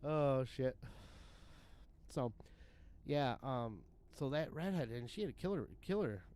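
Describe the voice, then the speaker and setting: This livestream gamer, a man somewhere in his thirties or forties, speaks a little slowly in a darkish, medium-pitched voice with lively intonation. He rambles and curses casually through his gaming commentary, laughing frequently.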